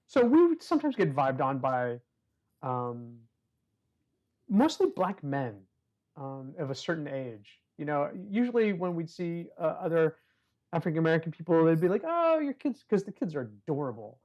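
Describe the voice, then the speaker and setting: A man talking as a podcast guest in a relaxed storytelling way. He leans on fillers, acts out other people's voices and slips in wry, self-deprecating humor. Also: fairly high pitch, normal speed, lo-fi sound. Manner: chatty, many "you know" fillers, acts out quoted voices. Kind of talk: casual conversational storytelling.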